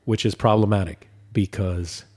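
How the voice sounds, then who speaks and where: Casting: man podcast co-host, easygoing and joking, a fairly low voice. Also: moderate pace. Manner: repetitive, joking, relaxed. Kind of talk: casual chat.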